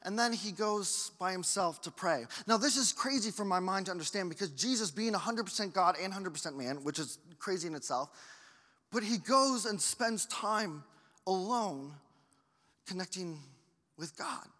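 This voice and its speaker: Male pastor, lively sermon delivery, tense bright tone, reverberant sanctuary. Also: sits high, normal speed. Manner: animated, acts out quoted voices with big swings in loudness. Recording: long hall reverb.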